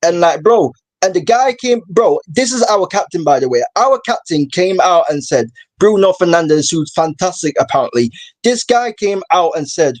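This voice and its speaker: A man's voice: sits high, expressive, moderate pace, dry recording. A young man ranting in casual football banter, repeating himself in disbelief and dropping "bro" constantly. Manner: rant-like, repeats "bro", incredulous. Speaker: guest.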